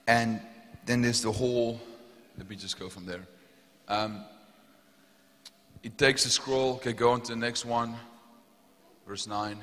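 Young South African male pastor, storytelling sermon delivery with fervent peaks, mid-pitched, long hall reverb. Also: steady tone, slow, long pauses, fairly bright tone. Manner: storytelling, rising to fervent emphasis.

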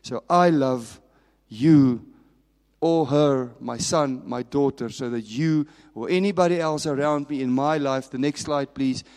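A man preaching a sermon as a pastor, telling stories with passion and dropping from raised to hushed. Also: mid-range voice. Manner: impassioned storytelling, swinging from raised to hushed. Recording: long reverb of a large hall.

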